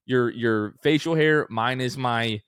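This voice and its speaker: A young man in his twenties co-hosting a casual sports podcast, an animated storyteller who acts out quoted voices with big jumps in pitch. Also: takes it slowly, clean tone, no echo, clean studio sound. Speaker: podcast co-host.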